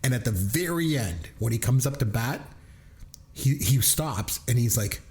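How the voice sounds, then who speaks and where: A man's voice: mid-range voice, expressive, a little slow, a little mellow. A man who works in education, co-hosting a movie review podcast with enthusiasm and frequent laughter. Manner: enthusiastic, laughs often, quotes lines with gusto. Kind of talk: casual movie review chat.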